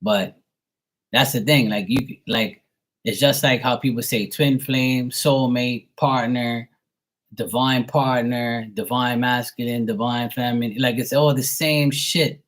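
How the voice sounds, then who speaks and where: A man's voice: mid-range voice, steady tone, measured pace, a bit bright. A man who reads tarot on a live stream, rambling in casual chat, swearing freely, laughing and mimicking how other people talk. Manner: loose and profane, laughs often, mimics other people's voices.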